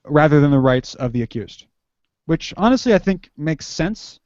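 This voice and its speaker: A man's voice: a little high, big pitch swings, moderate pace, darkish tone, no echo. Man, young adult, podcast guest, casual chat, rambling, laughs a lot, dry close sound. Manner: rambling, self-interrupting, laughs often. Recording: dull lo-fi recording.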